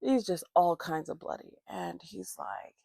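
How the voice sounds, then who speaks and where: Woman vlogger, heavy vocal fry, casual profane storytime, dry close mic. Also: fairly low pitch, wildly swooping pitch, a little slow, mellow, dry recording. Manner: rambling, profane, acts out quoted voices. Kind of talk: casual storytime while doing makeup. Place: at home, morning makeup routine.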